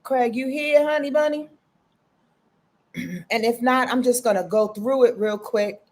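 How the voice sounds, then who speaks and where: A woman with a slightly raised, darkish voice hosts a live-stream astrology reading, speaking a little slowly. She's loose and chatty, frank and affectionate, casually cursing as she gives spiritual advice.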